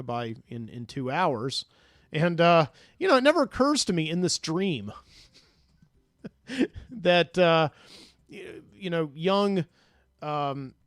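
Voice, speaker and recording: A man's voice: on the high side, no room sound, clean studio sound. A man, a podcast host, casually recounting a dream in a rambling way, full of fillers and restarts.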